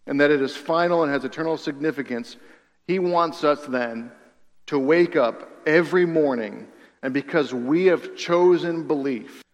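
A man preaching a sermon in an earnest way, repeating phrases for emphasis and dropping to a hush on key lines. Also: a little high, long reverb tail. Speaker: pastor.

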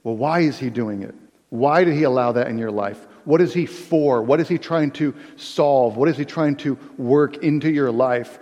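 A male pastor gives a casual, conversational sermon and keeps asking the congregation "right?". His voice sits at an ordinary middle pitch. A long reverb trails off each phrase, as in a church hall. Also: normal speed, a little mellow, highs cut off. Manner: conversational, asks the audience "right?" often.

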